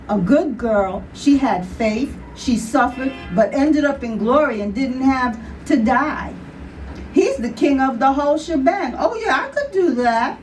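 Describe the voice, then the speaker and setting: A woman's voice: fairly high pitch, a little mellow, distant mic, slight background noise, poor audio. A woman poet with a New York accent performing a live storytelling poem at a bar, acting out voices and laughing along. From New York City. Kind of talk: live poetry reading.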